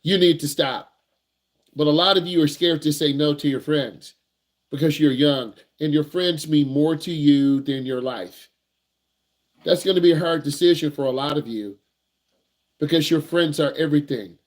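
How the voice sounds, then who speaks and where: A man's voice: on the high side, normal speed. Blunt, slangy male driving instructor. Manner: blunt, repetitive, slangy advice. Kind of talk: casual teaching talk to young drivers.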